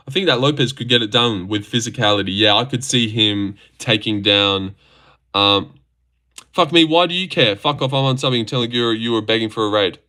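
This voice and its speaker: Swearing and tripping over his words, a young fight-reaction livestream host chats loosely and crudely while responding to chat, in a lowish voice that sounds pushed and bright.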